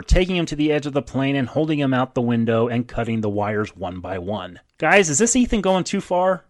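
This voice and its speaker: Man briskly recapping a movie plot. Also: mid-range voice, very animated. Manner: laughs often, quick plot summaries. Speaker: podcast host.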